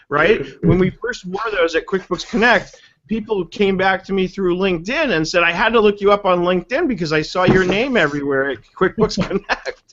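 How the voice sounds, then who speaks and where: A man's voice: sits high, expressive, fairly quick, a bit bright. A man hosting a casual group video chat, joking and rambling playfully. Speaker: webinar host. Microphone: video call. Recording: dull lo-fi video call audio.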